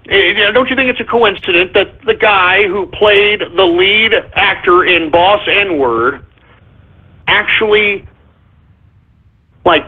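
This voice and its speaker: A man hosting a shock-jock call-in radio show, talking in a loud, mocking, rambling way. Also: high voice, breathy edge. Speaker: radio talk show host. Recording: lo-fi phone-like radio sound.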